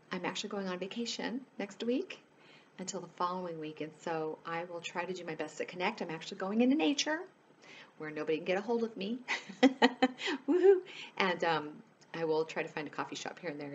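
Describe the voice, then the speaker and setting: A woman coach with a lowish voice talks straight to her viewers, earnest and pleading. She fills her talk with "you know" as she goes. A faint hiss sits under the recording. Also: fast talker. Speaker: life coach. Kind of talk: casual direct-to-camera chat.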